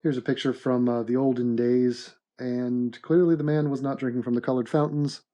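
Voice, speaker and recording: A man narrates an animated comedy commentary with mock-serious, deadpan sarcasm. His voice sits at an ordinary mid pitch, and he delivers the jokes straight-faced. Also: normal speed.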